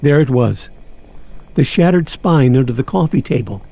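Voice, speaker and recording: Gravelly, mellow man, wry nostalgic storyteller, lively delivery. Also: mid-range voice, normal speed. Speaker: narrator.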